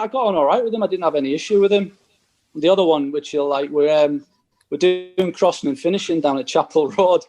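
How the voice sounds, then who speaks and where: A man's voice: on the high side, darkish tone. A man, a former footballer telling stories as a podcast guest and acting out the exchanges he quotes. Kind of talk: casual anecdote telling.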